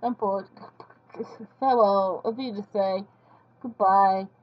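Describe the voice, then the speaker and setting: Bored little tree guy, woman doing the voice, drawn-out dramatic byes, lo-fi sound. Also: medium pitch, steady tone. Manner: bored, mock-dramatic farewells. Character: bored little tree creature threatening arson.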